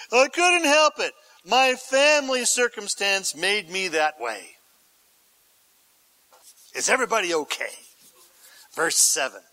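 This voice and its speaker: A man's voice: high-pitched, bright, forceful tone, poor audio. A male pastor preaching an expository sermon, reading scripture aloud and then asking the listeners questions in a conversational way.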